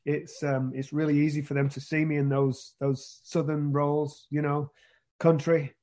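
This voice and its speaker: Being interviewed about acting, this British guest speaks casually at normal speed, often restarting and repeating words. His fairly high voice has a level tone and a darkish quality.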